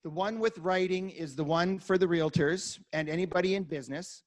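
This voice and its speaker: Energetic male coach, fairly high voice. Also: moderate pace. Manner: energetic, acts out dialogue examples. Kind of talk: coaching workshop lesson.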